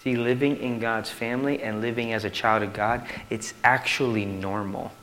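Male pastor, sermon, animated preaching, mid pitch, faint hiss. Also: normal speed. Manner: animated preaching, swings from loud to hushed.

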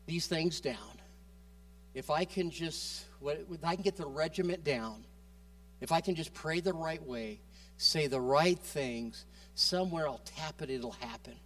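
A man preaching a sermon with passion, moving between loud urging and quiet soft passages, often repeating and restarting his words. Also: fairly high pitch, recorded from a distance.

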